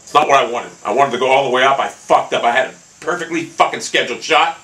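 A man commentating his own golf video game play, swearing constantly and bursting into frustrated shouts. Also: mid-range voice, fast, low-quality recording. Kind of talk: casual gameplay commentary.

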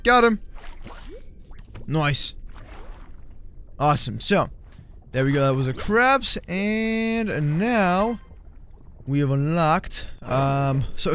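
A man giving excited, chatty commentary over a mobile game, with frequent exclamations and laughs, and faint game music behind him. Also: fairly high pitch, a little hiss or hum. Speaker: gaming channel host.

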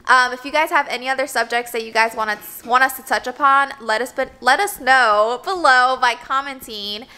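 A woman's voice: high-pitched, normal speed, bright, forceful tone. A woman co-hosting a casual podcast chat, telling funny stories animatedly with laughter. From Florida. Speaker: podcast co-host.

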